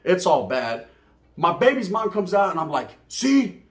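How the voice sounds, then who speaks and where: A man's voice: high voice, very animated, moderate pace, a bit bright. A middle-aged man telling a profane, streetwise story to camera as a channel host, mixing in Spanish slang and asking "right?" often. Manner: says "right?" and "you know what I mean?" often. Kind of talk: casual storytelling monologue.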